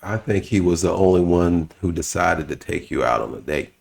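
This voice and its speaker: A man giving sarcastic, scolding reaction commentary with a gravelly voice. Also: low voice, expressive, normal speed, faint music behind.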